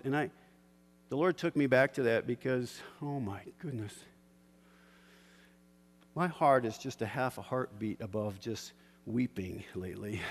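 A man preaching a sermon, moving between quiet personal reflection and loud, fervent storytelling with bursts of laughter. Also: mid-range voice, in a large hall. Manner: builds from soft reflection to shouted fervor, with laughs.

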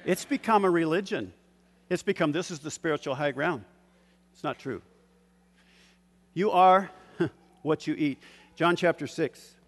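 A man's voice: on the high side, a little slow, pauses often. An older man preaching a sermon, calling out questions for the congregation to finish and chuckling between points. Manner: call-and-response, asks the congregation to fill in words; chuckles often, shifts from loud to hushed. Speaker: pastor. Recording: long hall reverb.

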